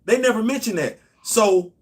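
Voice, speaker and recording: A man's voice: sits high, moderate pace. A man hosting a casual livestream, talking straight to viewers and hammering his points with repetition. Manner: emphatic, repeats points, addresses viewers directly. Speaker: host.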